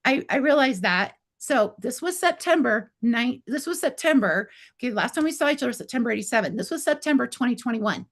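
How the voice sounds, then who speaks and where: A woman in her fifties from Arizona with a fairly high voice, talking as a guest in an easy, chatty way. She tells a personal story full of "like" and keeps slipping into the voices of the people in it. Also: animated, a little fast, few pauses. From Arizona, USA. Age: 50s. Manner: chatty, acts out others' lines in quotes, many "like" fillers.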